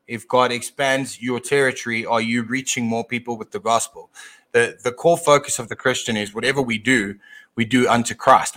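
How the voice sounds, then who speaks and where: A man co-hosting a casual talk show and teaching from scripture, often pausing and repeating words as he thinks aloud. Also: medium pitch, fairly bright tone. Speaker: podcast co-host and Bible teacher; father.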